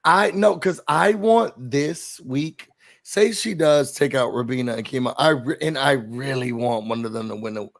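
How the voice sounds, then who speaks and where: A man's voice: mid-range voice, moderate pace, vocal fry. A man hosting a casual podcast chat, talking animatedly and acting out what others said. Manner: animated, acts out quotes of others. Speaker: podcast host.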